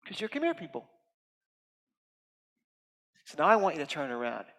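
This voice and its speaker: A man giving a heartfelt, expressive inspirational talk as a guest speaker at a temple, swinging from loud emphasis to soft near-whispers. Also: on the high side, normal speed. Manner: earnest and heartfelt, tearful at moments. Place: temple sanctuary. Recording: reverberant hall.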